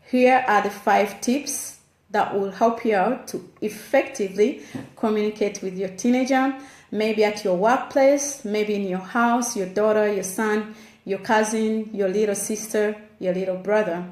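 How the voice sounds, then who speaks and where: A woman's voice: medium pitch, steady tone, a little slow, a little mellow. Woman, parenting advice speaker, direct earnest delivery, roomy echo. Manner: direct and earnest, addresses listener as "you". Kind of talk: instructive advice talk.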